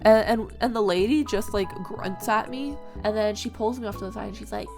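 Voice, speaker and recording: A woman's voice: mid-range voice, fairly quick, darkish tone, faint music behind. A young woman telling work stories in a chatty, casual vlog, full of "like"s and acted-out quotes. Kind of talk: casual storytime over gameplay.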